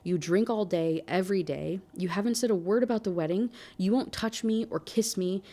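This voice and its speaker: A woman's voice: medium pitch, normal speed, dark tone, lightly acted. A woman reading aloud as a hurt young woman confronting her fiancé, in a pleading tone.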